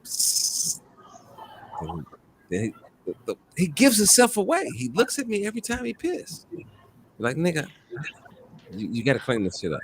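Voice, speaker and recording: A man hosting a casual talk show, telling a long story in a loose, profane, animated way. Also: a little high, normal speed, long pauses, a little hiss or hum. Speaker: host. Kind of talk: casual chat.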